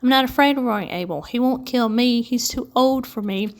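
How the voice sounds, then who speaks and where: A woman's voice: on the high side, fairly quick, natural voice. A woman reading the part of a fretful, complaining elderly spinster cousin in an audiobook. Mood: plaintive. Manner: plaintive, complaining.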